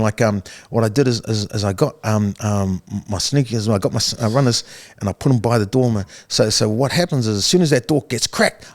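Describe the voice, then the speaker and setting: A middle-aged man with a New Zealand accent telling his life story as a podcast guest, casual and full of repeated words, restarts, and "bro" and "man". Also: mid-range voice.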